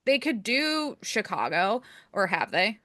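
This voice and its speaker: A woman's voice: mid-range voice, very animated, slow pace, a bit bright, no room sound, studio quality. A woman co-hosting a podcast in casual chat, rambling with lots of "like" and hedges. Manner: chatty, hedging with frequent "like". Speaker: podcast co-host.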